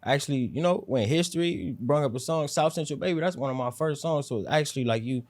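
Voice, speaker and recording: A laid-back man in casual interview chat, speaking low and calm, sometimes close to a whisper. His talk is loose and unhurried, full of slang and easy fillers. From South Central Los Angeles. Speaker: rapper, interview guest.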